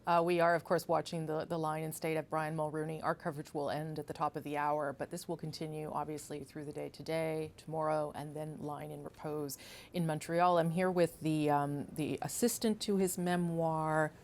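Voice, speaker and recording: News anchor, woman, low-pitched with a gravelly edge, warm affirming interviewer. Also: level tone, moderate pace, slight background noise. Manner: friendly, affirming, brief prompts. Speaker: news host and political correspondent.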